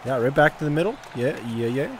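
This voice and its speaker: A man giving casual, excitable commentary over his own gameplay, cheering and trash-talking the players. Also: a little high, fairly quick, a little hiss or hum. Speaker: gaming commentator.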